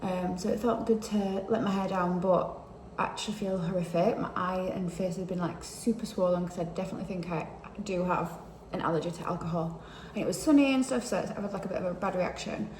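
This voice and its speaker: A woman's voice: fairly low pitch, fairly even intonation, brisk, a little hiss or hum. Chatty woman in her thirties. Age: 30s. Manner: chatty, emotional, drops to a hushed near-whisper at times. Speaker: vlogger. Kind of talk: casual diary vlog. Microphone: handheld camera.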